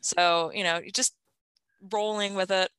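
A woman in her thirties chatting casually in an interview, laughing often and filling pauses with ums. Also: mid-range voice, fairly even intonation, fairly bright tone, clean tone, no room sound, poor audio. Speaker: interviewee, gardening parent.

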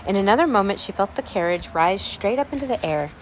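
A woman reading a children's classic aloud, pausing with ums to explain old words. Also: medium pitch, animated, a little hiss or hum. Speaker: reader.

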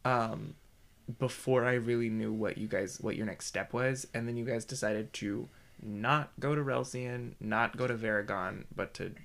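A man's voice: mid-range voice, moderate pace, gravelly, a bit bright. A man co-hosting a podcast and running a tabletop game, chatting in a thoughtful, hesitant way as he thinks aloud. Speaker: podcast co-host, game master. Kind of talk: casual chat.

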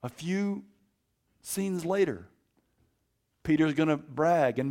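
A man preaching a casual sermon to college students, animated and conversational, sometimes dropping to a hushed, intense tone. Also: on the high side, slow, long pauses. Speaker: campus preacher.

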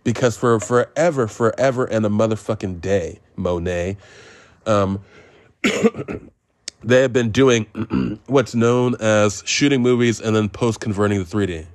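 A low-voiced man rants through a podcast film review, swearing freely, wandering off on tangents and poking fun at himself. His voice sits close and dry, with no room sound around it. He swings from heated to sarcastic without ever sounding scripted. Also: no room sound. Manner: self-mocking, with jokey made-up phrases. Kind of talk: profane rambling monologue.

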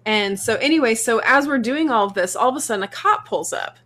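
A woman's voice: on the high side, a little fast. A woman from Missouri, co-hosting a podcast, telling a travel story in casual chat and acting out the quoted dialogue. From Missouri, USA. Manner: animated, acts out quoted dialogue. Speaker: podcast co-host.

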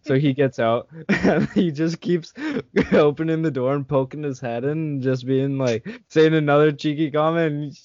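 A man's voice: on the high side, moderate pace, few pauses, a little mellow, no room sound. A young man hosting a podcast, telling a school story in casual chat and laughing often. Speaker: podcast host. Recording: slightly dull dry sound.

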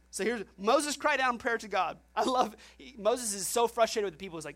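A middle-aged woman preaching a sermon in a lively, conversational way, acting out quotes. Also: medium pitch, fast talker, few pauses.

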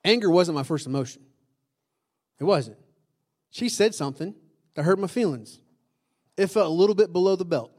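Guy pastor w a high voice, casual sermon, keeps asking the crowd stuff and repeating lines. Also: expressive, moderate pace, long pauses, a little mellow. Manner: conversational, asks the room questions, emphatic repeats.

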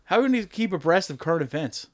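A man's voice: sits high, lively intonation, very fast. A man on a podcast with friends, joking crudely, rambling and laughing often. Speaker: podcast co-host. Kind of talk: crude casual banter.

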